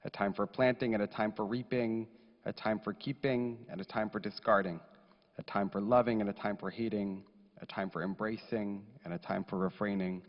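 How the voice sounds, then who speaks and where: A man leading a funeral service, speaking solemnly and reading verses in a measured, chanting way. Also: on the low side, steady tone. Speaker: rabbi officiating a funeral. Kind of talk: eulogy and scripture reading. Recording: echoey hall, dull lo-fi sound.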